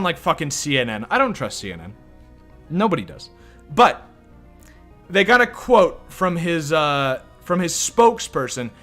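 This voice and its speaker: A young man rambles through casual game commentary, incredulous and given to swearing. His voice sits high and bright, swinging widely in pitch, with faint music playing under him. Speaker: let's play host.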